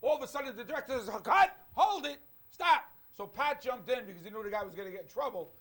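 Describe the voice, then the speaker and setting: Rambling talk show host, high voice. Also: male voice, animated, very fast. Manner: rambling with restarts, admiring. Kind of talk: casual talk show chat.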